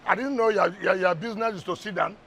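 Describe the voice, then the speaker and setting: A politician with a Nigerian English accent argues in a TV interview, pushing back with rapid rhetorical questions and repeated words. His voice sits very high and sounds bright and sharp. A faint hum of background noise runs under the talk. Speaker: politician guest. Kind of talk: heated TV interview.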